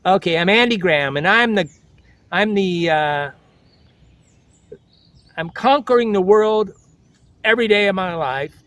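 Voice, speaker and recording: An older man talks straight to his vlog audience in a high-pitched voice. His delivery is blunt and preachy, and he keeps circling back to the same catchphrases. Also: expressive, a little slow, pauses often, a bit bright, no room sound. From United States. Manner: blunt, lecturing, repeats slogans. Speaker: travel vlogger. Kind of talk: blunt motivational monologue.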